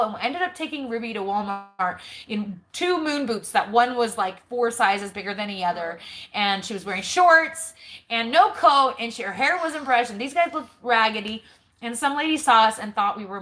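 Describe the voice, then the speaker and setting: A woman's voice: on the high side, expressive, brisk, pushed and bright. A woman in her forties hosting a live question-and-answer stream with her kids. She talks casually and tells long family stories. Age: 40s. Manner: chatty storyteller, reads viewer comments aloud. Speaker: host, homeschooling mother. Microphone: live stream camera mic.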